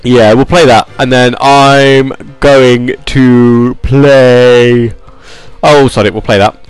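A man's voice: medium pitch, fairly even intonation, slow pace, clean tone, dry recording, rough recording. A man hosting a gaming and music stream, chatting casually and rambling with fillers and asides. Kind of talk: casual chat.

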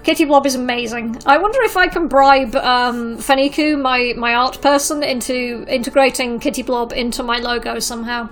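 A woman's voice: sits high, moderate pace, faint music behind. A woman hosting a gaming podcast in a casual, chatty way, with plenty of fillers and restarts. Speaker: podcast host. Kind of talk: casual radio-style chat.

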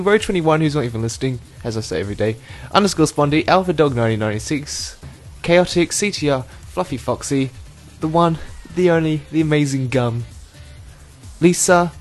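A man hosting a casual internet show with a somewhat high voice. He rambles playfully, stalls with ums and jokes as he goes. Faint music plays in the background. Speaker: host. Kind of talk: casual podcast chat.

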